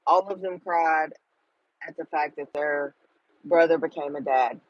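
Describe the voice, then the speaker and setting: A woman's voice: sits low, a little slow, dull audio. A middle-aged woman, talking to viewers in a casual livestream chat, tender and emotional. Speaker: livestream host.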